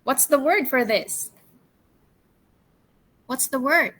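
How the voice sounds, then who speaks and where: A woman teaching English to young children, speaking slowly and clearly, drilling words for them to repeat and praising them. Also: high voice, lively intonation, fairly bright tone, rough recording. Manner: slow, clear, encouraging, drills words for repetition. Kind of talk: classroom storytelling lesson for children.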